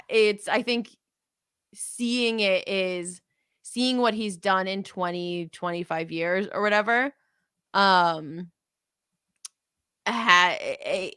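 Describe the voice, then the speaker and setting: A woman's voice: mid-range voice, bright, forceful tone, smooth, no echo, clean studio sound. A woman co-hosting a casual chat, chatty and enthusiastic, laughing easily. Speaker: podcast co-host.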